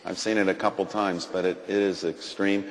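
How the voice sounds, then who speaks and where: A man, a doctor, telling a dramatic story on a Christian TV talk show, swinging from hushed lines to loud excited bursts. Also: deep voice, moderate pace, long reverb tail, slight background noise, poor audio. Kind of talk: animated storytelling.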